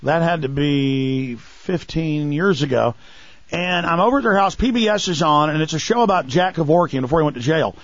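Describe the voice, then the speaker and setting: A male radio talk show host in a heated conversation, excitable and mocking, often mimicking people in a high falsetto. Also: moderate pace, dry recording. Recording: muffled radio broadcast sound.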